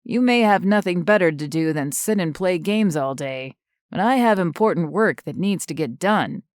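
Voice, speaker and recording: A woman's voice: fairly low pitch, expressive, moderate pace, no room sound, close to an everyday voice. A woman voicing a joking man in his late twenties who banters dryly with his niece. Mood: wry. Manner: dry, good-humored banter.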